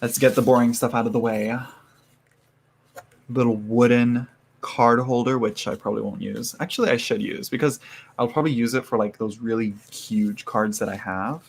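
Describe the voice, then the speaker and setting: A man's voice: medium pitch, fairly even intonation, normal speed, creaky. A man chatting casually to live viewers as he unboxes a tarot haul, rambling with many fillers and small asides.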